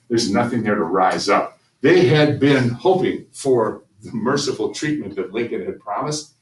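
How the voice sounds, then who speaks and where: Man lecturing in a roomy classroom. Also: medium pitch. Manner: storytelling, conversational with repeated restarts. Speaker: history teacher. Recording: roomy, distant mic with faint ambient noise.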